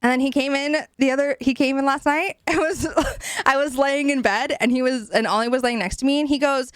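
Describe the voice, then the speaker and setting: A young woman streaming from home, chatting casually with her chat, giggly, swearing often and animated. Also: high-pitched, fairly quick, dry recording, studio quality. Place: home room.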